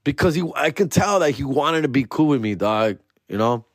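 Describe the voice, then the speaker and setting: Man, young, podcast host, swears a lot, slips into Spanish, mid pitch, dry close sound. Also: lively intonation, moderate pace, no room sound. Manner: profane slang-heavy storytelling mixed with Spanish. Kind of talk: casual storytelling.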